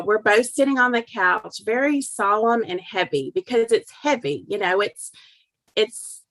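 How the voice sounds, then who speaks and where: A woman's voice: mid-range voice, fairly bright tone, no echo, poor audio. A middle-aged woman telling a personal family story as an interview guest, earnest and heartfelt.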